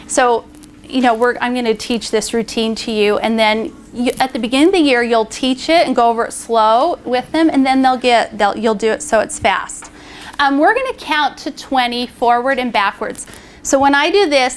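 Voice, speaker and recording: A woman's voice: a little high, normal speed, a little hiss or hum. A woman teacher demonstrating a classroom lesson to other teachers, leading a group through counting aloud in a training room. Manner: leads group counting aloud with hand signals.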